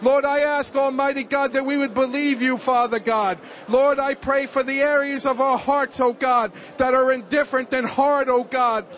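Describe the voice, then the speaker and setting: High-voiced elder praying rhythmically. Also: male voice, fairly even intonation, moderate pace, hardly any pauses, fairly bright tone, slight background noise. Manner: rhythmic prayer, repeating "oh God, Lord". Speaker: church elder leading prayer. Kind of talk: congregational prayer.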